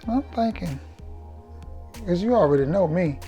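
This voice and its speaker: Warm-voiced Southern man telling stories. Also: high-pitched, lively intonation, normal speed, lo-fi sound, soft background music. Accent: Southern American. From Alabama, USA. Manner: chatty, joking and self-assured. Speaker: fragrance reviewer. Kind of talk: casual storytelling vlog.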